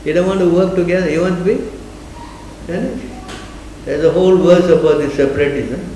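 A man with a fairly high, warm voice leads a scripture class lecture at a fairly quick pace. He prods listeners with question after question, repeatedly asking them to answer, and the room is echoey with faint noise.

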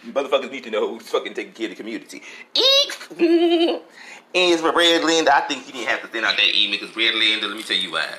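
A man's voice: lowish voice, animated, rapid-fire, sharp tone, roomy sound, slight background noise, low-quality recording. A man delivering a sassy, campy comic gossip monologue, laughing often and calling everyone honey and girl.

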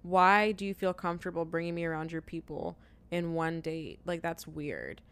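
Blunt, sarcastic young woman, low smooth voice. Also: expressive, moderate pace, fairly bright tone. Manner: blunt, sarcastic, swears freely. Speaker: podcast co-host. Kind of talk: casual dating chat.

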